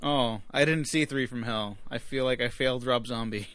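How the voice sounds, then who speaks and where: A man co-hosts a movie review podcast with a dry, sarcastic wit and a loose, filler-heavy way of talking. His mid-pitched voice sounds close and dead dry, with no room sound. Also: normal speed, fairly bright tone, no room sound. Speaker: podcast co-host. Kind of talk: casual movie review chat.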